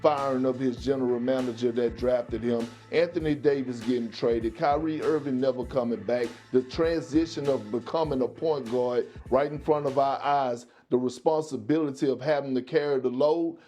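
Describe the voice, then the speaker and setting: Mellow-voiced folksy male analyst. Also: medium pitch, normal speed, few pauses, soft background music. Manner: folksy, homespun comparisons, stumbling restarts. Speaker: sports analyst. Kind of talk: sports debate commentary.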